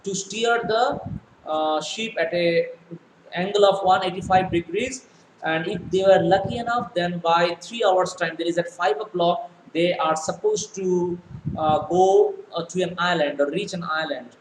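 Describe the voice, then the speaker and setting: A man's voice: high-pitched, measured pace. A male teacher reading a story aloud and explaining it line by line, with many fillers. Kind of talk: explaining a textbook lesson. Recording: echoey room, faint noise.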